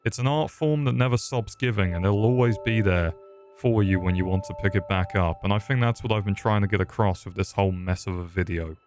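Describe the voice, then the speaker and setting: Man, low voice, rambling, self-mocking, scripted video essay. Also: brisk. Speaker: YouTube host.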